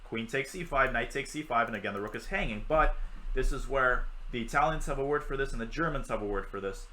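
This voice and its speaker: Young male chess streamer, bright, chatty, jokes with chat between moves. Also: mid-range voice, quick pace, rough recording. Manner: chatty, jokey, answers chat while teaching. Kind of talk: live chess commentary on a stream.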